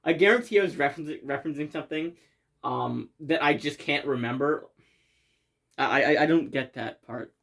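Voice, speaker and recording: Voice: mid-range voice, normal speed, gravelly, a bit bright. Rambling, laughing video commentator. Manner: rambling, laughs often, swears casually. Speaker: video creator doing commentary. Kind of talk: casual commentary over own video.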